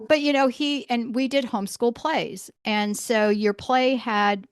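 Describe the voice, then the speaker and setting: A woman's voice: a little high, unhurried, clear, resonant tone, no room sound, studio quality. A middle-aged woman hosting a podcast interview, telling stories with a lot of laughter and acting out the voices of the people she quotes. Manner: animated storyteller, acts out quoted voices, laughs often. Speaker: podcast host. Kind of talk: casual interview chat.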